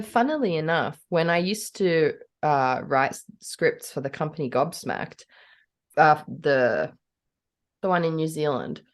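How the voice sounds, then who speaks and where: A woman co-hosting a podcast in casual chat, giggly and hesitant, with a self-effacing manner. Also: deep voice. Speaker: podcast co-host.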